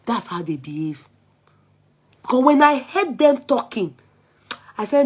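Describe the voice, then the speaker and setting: A middle-aged woman with a Nigerian Yoruba accent, talking through casual commentary as a vlog host, animated and exclaiming as she switches between languages. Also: a little high, a little slow, pauses often, breathy edge. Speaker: vlog host taking calls.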